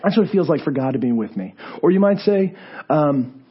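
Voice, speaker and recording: A male pastor who has lost his voice, preaching a conversational sermon with a hoarse, raspy sound and lively storytelling that moves between hushed and raised moments. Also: fairly high pitch, a little fast, dull audio. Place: church sanctuary.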